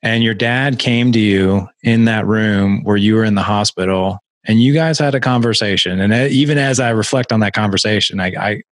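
A male podcast host speaking in an emotional, halting way, with many restarts. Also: fairly low pitch, no echo. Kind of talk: podcast interview.

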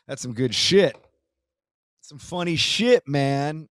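A man's voice: fairly high pitch, expressive, takes it slowly, a bit bright, clear, resonant tone, dry recording, clean studio sound. A man hosting his podcast, chatting casually and reading a listener's letter, loose and profane, laughing easily with frequent restarts. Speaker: podcast host.

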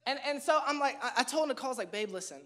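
Animated, joking male pastor. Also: extremely high pitch, very fast. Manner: animated, joking, self-mocking; emphatic repetition. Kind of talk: humorous storytelling sermon. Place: church stage before a live congregation.

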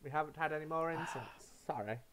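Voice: mid-range voice, fast, a bit bright, lightly acted. A game master voicing an old male jeweler who is polite but blunt and calls customers good sir, in an improvised tabletop role-play.

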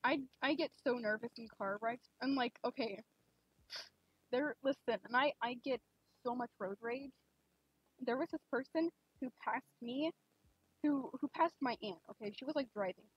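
Young woman rambling on her stream, high breathy voice, dry dull mic. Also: normal speed, no room sound. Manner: chatty and rambling, many fillers, gushes excitedly. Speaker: game streamer. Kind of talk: casual live-stream chat.

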